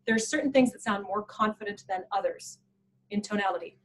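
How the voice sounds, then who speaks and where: A woman presenting a professional development workshop in an animated, playful way, laughing often. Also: mid-range voice, fairly quick, low-quality recording. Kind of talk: workshop talk.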